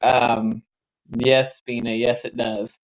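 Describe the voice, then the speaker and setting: This male livestream co-host talks slowly at medium pitch with a level tone, chatting casually over gameplay, telling rambling stories and making careful recommendations. The audio sounds dull.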